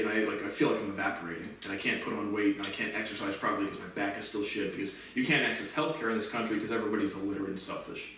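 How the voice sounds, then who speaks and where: A man delivering an angry, profane vlog rant that bursts into shouting. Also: on the low side, distant mic, slight background noise. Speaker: vlogger. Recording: very echoey room, voice off-mic.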